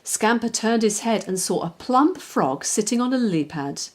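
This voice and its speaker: A woman, a children's author, reading her own picture book aloud in a lively, expressive storytelling way. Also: on the high side, normal speed.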